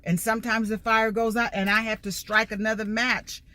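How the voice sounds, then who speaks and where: A woman's voice: on the high side, normal speed, few pauses, sharp tone. A middle-aged woman, a life coach, giving an emphatic motivational talk in a repetitive preaching cadence. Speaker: life coach and empowerment speaker.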